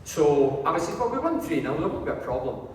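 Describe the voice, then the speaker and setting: A Scottish man telling animated, swear-laden stories on stage at a live event. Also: a little high, brisk. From Scotland. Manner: animated anecdotes, swears, acts out quotes. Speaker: guest speaker, former player. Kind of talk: comic storytelling on stage. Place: large hall at a live event. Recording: echoey hall, mic from far off.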